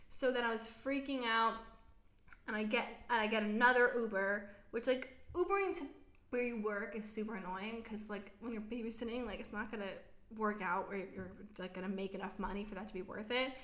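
A young woman from the United States co-hosts a casual podcast, rattling through stories with fillers and laughter. Her voice sits a little high, and the room around her rings with a noticeable echo. She talks freely and animatedly. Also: brisk. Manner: animated storytelling, many filler likes, laughs while talking. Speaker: podcast co-host. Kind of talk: casual chat.

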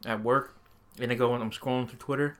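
A man's voice: medium pitch, steady tone, brisk, a bit bright. A young man co-hosting a podcast, easygoing and chuckling between his remarks in casual chat. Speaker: podcast co-host.

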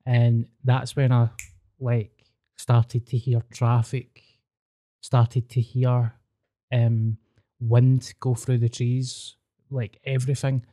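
A man's voice: medium pitch, little pitch movement, takes it slowly, long pauses, dark tone. A man with a Scottish accent, chatting casually and swearing as he tells personal anecdotes. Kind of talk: casual chat, storytelling.

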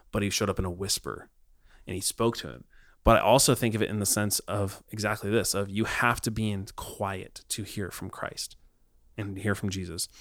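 A man co-hosting a casual faith discussion, talking reflectively with many pauses and ums. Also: fairly low pitch, no echo, clean studio sound.

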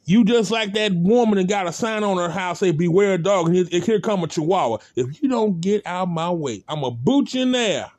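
Blunt high-voiced man ranting. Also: lively intonation, moderate pace, hardly any pauses, a little mellow, no echo. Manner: blunt, repetitive, rhetorical calls. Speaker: commentator. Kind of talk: impassioned spoken rant.

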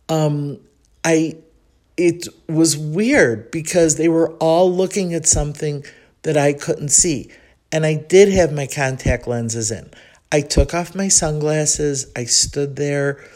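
A woman's voice: low-pitched, slow, darkish tone. A woman from Chicago with a Chicago accent, hosting a casual podcast monologue in a rambling, reflective way with frequent ums. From United States (Chicago). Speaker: podcast host.

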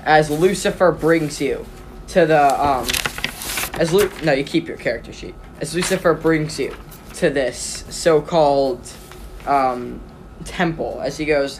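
A game master narrating a tabletop game in a rambling way, with many pauses and restarts. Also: medium pitch, a little hiss or hum.

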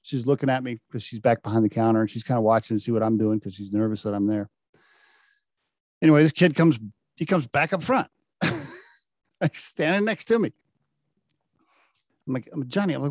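A middle-aged man telling a casual anecdote about his job. He laughs often and acts out the dialogue with lively shifts in his voice. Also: medium pitch, moderate pace, long pauses, no echo, studio quality. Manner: animated, laughing often, acting out quoted dialogue. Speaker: storyteller recounting a work anecdote.

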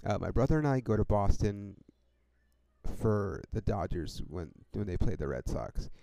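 Low gravelly laid-back guy cussing casually. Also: big pitch swings, normal speed, warm tone, no room sound. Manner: profane, laid-back, full of fillers like "dude" and "like". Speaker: podcast host. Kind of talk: casual rambling storytelling.

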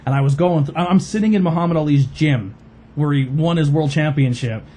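A man's voice: fairly high pitch, fairly quick, warm tone, breathy edge. A man, hosting a podcast and telling a long story in a rambling casual way, full of fillers and acted-out quotes. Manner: rambling, many fillers, acts out quoted voices. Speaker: podcast host.

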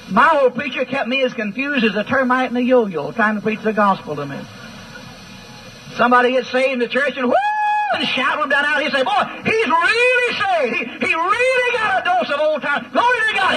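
A man's voice: very high voice, sharp tone, slight background noise, rough recording. An older man preaching a Baptist sermon, folksy and joking, full of country sayings.

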